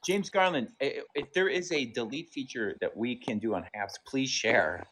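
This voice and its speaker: A man's voice: medium pitch, normal speed, fairly bright tone. A man in a casual group livestream chat, telling stories expressively with exclamations.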